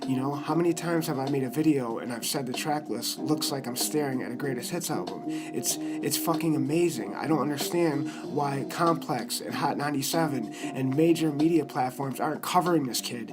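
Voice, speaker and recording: Guy ranting emotionally about music, swears a lot, loud beat playing under him. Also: medium pitch, normal speed, hardly any pauses, poor audio. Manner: passionate, profane, rambling with fillers. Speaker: music commentator.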